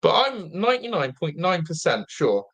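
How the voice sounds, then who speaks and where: A young man hosting a live football watch-along, chatting excitedly, reacting to play and reading viewer comments aloud, with a slightly blocked nose. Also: on the high side, normal speed, slightly rough. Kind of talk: live fan commentary and chat.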